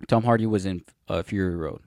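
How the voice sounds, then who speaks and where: Low-voiced man rambling about movies. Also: fairly even intonation, fairly quick, darkish tone, no room sound, studio quality. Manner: rambling, often corrects himself and loses names. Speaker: podcast co-host. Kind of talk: casual movie podcast chat.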